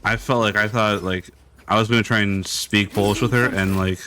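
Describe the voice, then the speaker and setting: A young man with a fairly low voice chats loosely on a gaming stream, stopping and restarting his thoughts as he goes. He sounds easygoing, with a light background hiss. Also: steady tone, moderate pace, pushed and bright. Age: young adult. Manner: rambling, hesitant, many fillers. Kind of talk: casual chat while gaming.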